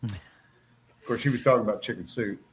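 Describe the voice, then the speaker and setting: A man's voice: fairly low pitch, normal speed, background noise. A man chatting as a guest on a casual live show, folksy, with homespun asides. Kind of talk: casual chat.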